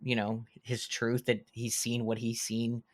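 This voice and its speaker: A man's voice: mid-range voice, monotone, unhurried. A man on a podcast as a guest, thoughtfully analyzing a film in casual chat and restarting his phrases. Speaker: podcast guest, horror filmmaker.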